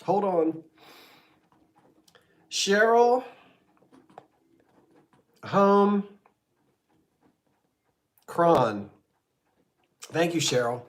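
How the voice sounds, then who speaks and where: An American man hosts a live online sale, counting down bids and teasing regular buyers in casual auction chat, with coughing fits along the way. His high-pitched voice is very animated yet very slow, with long pauses.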